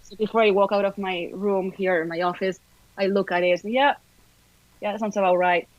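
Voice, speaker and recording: Argentine-accented actress, upbeat and talkative guest, dry, muffled lo-fi sound. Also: female voice, mid-range voice, fairly even intonation, normal speed, no echo. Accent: Argentine Spanish. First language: Spanish. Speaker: actor, podcast guest. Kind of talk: casual interview chat.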